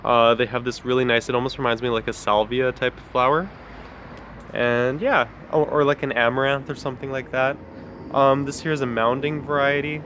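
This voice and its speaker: A man's voice: medium pitch, fairly even intonation, fairly quick, a bit bright, slight background noise. A man in a backyard garden, giving a casual, rambling vlog with lots of fillers and friendly asides. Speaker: gardening vlogger. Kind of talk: casual outdoor plant talk.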